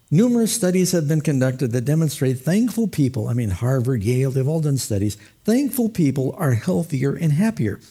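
A man's voice: on the high side, warm tone, slightly rough. A man preaching a sermon as pastor, folksy and humorous, with light laughs and quoted asides.

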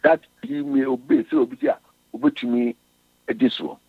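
Raspy preacher on tinny radio. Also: male voice, mid-range voice, huge pitch swings, dry recording. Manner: reads scripture in English, then explains it in Twi; halting, with frequent restarts. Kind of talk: sermon.

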